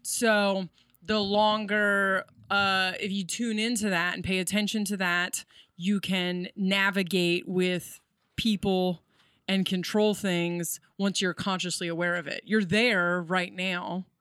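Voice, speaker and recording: Podcast guest: woman comedian, crisp bright tone, rambling spiritual talk, dry close mic. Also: mid-range voice, level tone, slow pace, dry recording. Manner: rambling spiritual explanations, many fillers.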